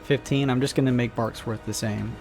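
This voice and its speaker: A man acting as game master, narrating a tabletop game in a relaxed, rambling way with plenty of fillers. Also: mid-range voice, fairly quick, over music.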